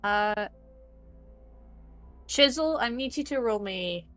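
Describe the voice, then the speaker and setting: A woman narrating a tabletop game as game master, describing scenes slowly and deliberately with many fillers. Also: on the high side, animated, fairly bright tone, faint music behind.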